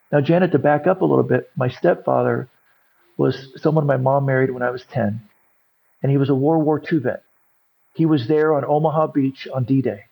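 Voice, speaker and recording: In a muffled recording, a middle-aged man from California, a recovery coach, recounts his story in a podcast interview and voices other people's lines. He has a medium-pitched, slightly rough voice with vocal fry.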